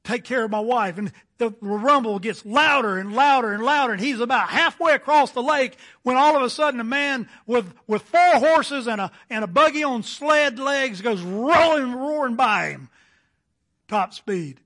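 A male pastor preaching a sermon, telling a story in slow, emphatic phrases that trail off quietly. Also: very high-pitched, lively intonation.

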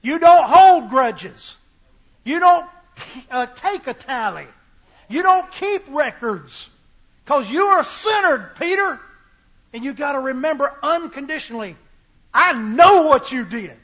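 A very high, tense male voice plays Jesus confronting a disciple, as a preacher puts him on. He probes with pointed questions, gently but insistently, in the middle of a sermon. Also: expressive, measured pace, exaggerated voice. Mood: urgent.

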